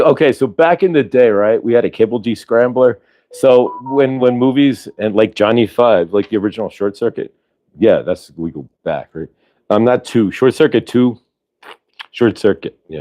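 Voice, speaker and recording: A man hosting a morning show in a loose, rambling way, circling back and restarting his sentences. His voice sits on the low side and sounds close and dry, with almost no room around it. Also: dark tone, no room sound. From Ohio, US. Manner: rambling, with many restarts and tangents. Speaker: host. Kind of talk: casual chat.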